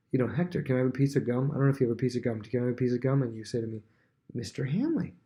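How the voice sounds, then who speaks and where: A male teacher giving a casual, conversational Bible lesson, acting out the quotes in varied voices. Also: mid-range voice.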